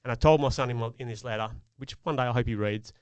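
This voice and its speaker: A man's voice: medium pitch, fast talker, clear, resonant tone, no echo. A middle-aged man, a podcast co-host, telling a personal parenting story in an earnest, reflective way. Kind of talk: casual chat.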